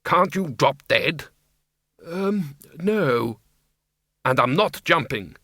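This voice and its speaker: A man's voice: fairly high pitch, expressive, drawn-out words, bright, forceful tone, dry recording, clean studio sound, voice pushed up, heavily acted. A man voicing a grumbling, nervous middle-aged vampire count in an audiobook. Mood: grumpy. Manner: whiny, complaining.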